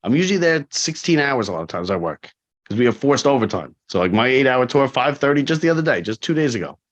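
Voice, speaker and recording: A man in his forties, a corrections officer, telling stories in a casual interview, animated and full of fillers. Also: mid-range voice, fast. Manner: animated, acts out quoted people, frequent fillers. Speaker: corrections officer, podcast guest. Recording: dull lo-fi podcast audio.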